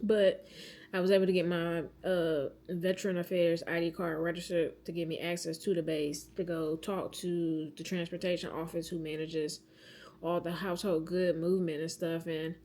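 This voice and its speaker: A woman in her thirties speaks in a fairly low voice in a casual personal vlog. She is candid and open, venting her frustrations and swearing without a second thought. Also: level tone, moderate pace, dark tone. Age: 30s. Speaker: vlogger.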